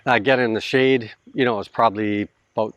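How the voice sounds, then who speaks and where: Outdoors at a Philippine house build, a middle-aged Canadian man chats directly to camera for his vlog, laughing frequently in his Canadian accent. The recording is dry with the highs cut off, and his medium-pitched, fairly even voice sounds brisk and a bit bright.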